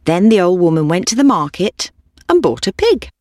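Lively low-voiced woman telling a folk tale. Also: moderate pace, no room sound, clean studio sound. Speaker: narrator. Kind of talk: storybook narration.

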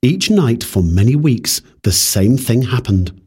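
A man reading a fairy tale aloud in a measured, expressive way. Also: mid-range voice, breathy edge. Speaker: storyteller.

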